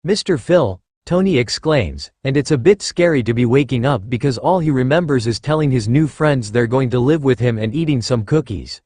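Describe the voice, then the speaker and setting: A man's voice: medium pitch, a little fast, few pauses, a little mellow, no echo, studio quality. Man reading a childlike story aloud. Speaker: narrator. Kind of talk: reading fan fiction aloud.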